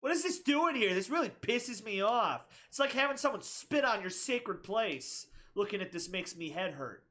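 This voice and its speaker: Woman, gaming streamer, casual commentary, sarcastic, jokey, bright voice. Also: medium pitch, expressive, moderate pace, few pauses. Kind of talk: casual let's play commentary.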